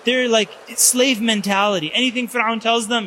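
A man giving a religious lecture, telling stories in an animated way and peppering his talk with Arabic religious phrases. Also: extremely high pitch, normal speed, slight background noise. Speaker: Islamic lecturer.

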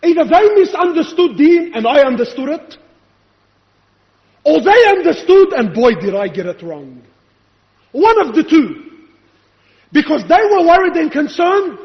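A man's voice: very high-pitched, very animated, unhurried, pauses often. A male preacher giving an impassioned, rhetorical sermon, challenging his listeners. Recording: echoey hall, dull lo-fi sound.

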